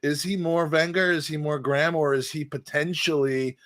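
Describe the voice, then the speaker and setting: Thoughtful podcast host, dry sound. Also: male voice, fairly high pitch, steady tone, normal speed, fairly bright tone, dry recording. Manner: thoughtful, rambling with restarts. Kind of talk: casual football chat.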